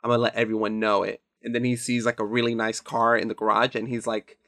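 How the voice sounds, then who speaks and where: Excitable young man on a podcast. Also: lowish voice, fast, no room sound, studio quality. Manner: excitable, laughs a lot, swears. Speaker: podcast co-host. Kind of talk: casual movie podcast chat.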